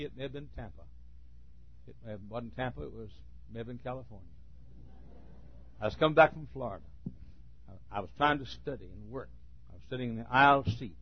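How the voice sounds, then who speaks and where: A preacher with a husky, slightly breathy voice tells folksy stories from the pulpit. He drops low and quiet, then breaks into loud shouts. The recording sounds dull and lo-fi. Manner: folksy, swings from quiet asides to sudden shouts. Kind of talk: sermon with storytelling.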